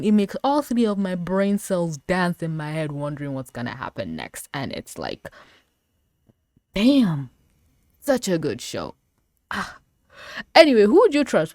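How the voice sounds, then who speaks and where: Lower-voiced woman reviewer, excitable rambler with mock outrage, dry close-miked sound. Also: dry recording. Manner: excitable, rambling, swings between loud outbursts and muttering; dramatic mock-outraged asides. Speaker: video reviewer. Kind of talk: casual reaction commentary.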